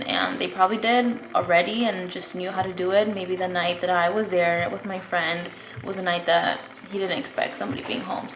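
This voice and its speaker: The voice sits on the low side, with a little hiss or hum in the recording, faint ambience and room echo. A young woman vlogs from her apartment, rambling through a story-time update full of "like" and fillers.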